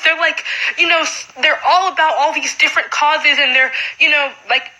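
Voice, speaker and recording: A young woman in her late teens, a high school student, venting in a casual vlog with frustrated talk full of "like.". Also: steady tone, moderate pace, pushed and bright, low-quality recording.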